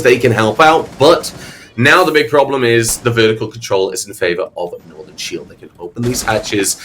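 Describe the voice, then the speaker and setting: A man commentating a competitive shooter match with a bright, forceful tone. He calls the action in quick, energetic bursts, with a faint hiss of noise under his voice. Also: medium pitch. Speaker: esports commentator. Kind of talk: play-by-play commentary.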